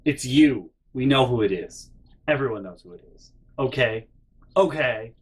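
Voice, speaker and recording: A man's voice: mid-range voice, lively intonation, moderate pace, husky, rough recording. A young man telling a funny story from his life in a casual, rambling way, with frequent swearing and mock-indignant asides. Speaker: storytelling vlogger.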